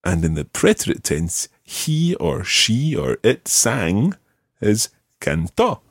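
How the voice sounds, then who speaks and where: A man's voice: fairly low pitch, sing-song, takes it slowly, vocal fry, no room sound, studio quality. A man teaching Spanish one to one, patient, repeating each word for his student. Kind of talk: one-to-one language lesson.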